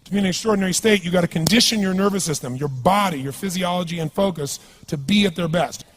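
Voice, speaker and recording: A man giving a live seminar talk as a motivational speaker, speaking fast in a slightly raised voice. He drives his points home with punchy emphasis and keeps asking the audience questions. A faint noise sits under the speech. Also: high voice.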